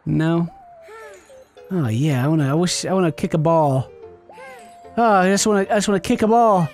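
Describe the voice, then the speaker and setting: A man giving excited let's-play commentary, giggling, yelping and shouting as he plays. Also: a little high, normal speed, faint music behind. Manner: giggly, exclamatory, yelps and shouts. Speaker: gaming video host.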